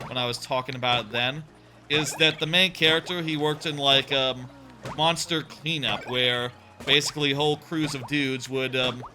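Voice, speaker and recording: A man's voice: mid-range voice, fairly even intonation, moderate pace, noisy background. A young man hosting a casual let's play, rambling and chatty and swearing freely. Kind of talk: casual gaming commentary. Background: faint game music.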